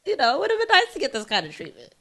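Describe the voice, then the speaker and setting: A woman's voice: high voice, huge pitch swings, rapid-fire, fairly bright tone. A woman co-hosting a podcast in casual chat, making blunt, jokey remarks. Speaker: podcast co-host.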